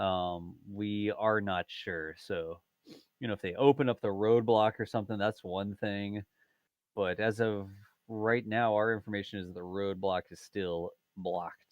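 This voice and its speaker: Brief: man, low voice, relaxed livestream co-host in a studio, dry close sound. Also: dry recording, dull audio. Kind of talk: casual live-stream commentary. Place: studio with green screens.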